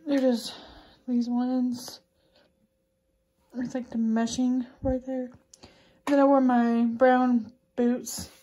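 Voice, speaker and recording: High-voiced, unhurried woman vlogging casually. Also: little pitch movement, warm tone, rough recording. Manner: chatty and giggly, with many fillers and restarts. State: out of breath. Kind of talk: casual daily vlog chat. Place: car, then home.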